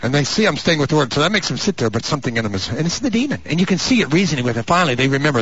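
A man preaching a sermon as pastor, building to fervent, drawn-out shouts and dropping into mock voices and asides. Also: on the high side, sing-song, breathy edge. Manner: rising to fervent, stretched-out shouts. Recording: muffled lo-fi recording.

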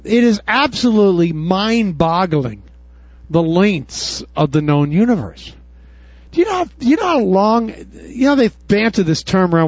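A man preaching a sermon in a casual, folksy way, swinging from loud high bursts down to low murmurs. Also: sing-song, a little slow, no echo, muffled recording. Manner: casual, folksy, says "dude" and "y'all". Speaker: pastor.

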